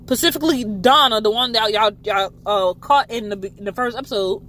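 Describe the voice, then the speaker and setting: A woman casually recapping a TV episode, animated and swearing freely. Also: fairly high pitch, a little fast, slight background noise. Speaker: TV show reviewer.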